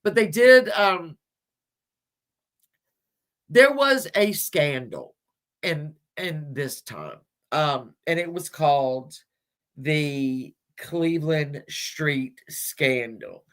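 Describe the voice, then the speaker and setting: Slow-talking woman rambling on a livestream. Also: low-pitched, animated. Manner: rambling, chuckling, crude asides; searching images on screen while talking. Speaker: livestream host. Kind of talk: casual history chat with live chat.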